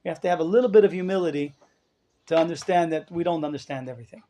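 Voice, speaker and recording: A man's voice: fairly high pitch, rapid-fire, mellow, a little hiss or hum. A man rabbi giving a live lecture to a class, emphatic and full of rhetorical questions, dropping in Hebrew terms. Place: study hall class with listeners.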